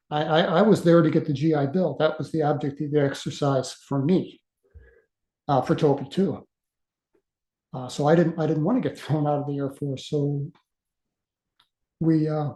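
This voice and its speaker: Man in his sixties, halting, mellow voice. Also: a little high, steady tone, reverberant. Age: 60s. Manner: earnest, halting, with frequent uhs and repeated words. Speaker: guest speaker. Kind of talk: casual storytelling.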